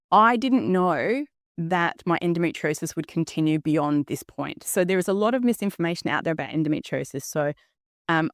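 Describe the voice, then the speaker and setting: A woman's voice: deep voice, dry recording, studio quality. Candid fifty-something woman podcaster. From Australia. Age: 50s. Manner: earnest and candid, with frequent ums and "okay?" check-ins. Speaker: podcast host. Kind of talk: personal solo podcast talk.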